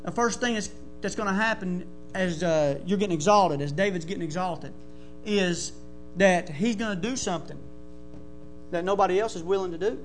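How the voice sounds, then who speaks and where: A male pastor, preaching a folksy sermon that builds into shouting. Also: high-pitched, normal speed, faint music behind.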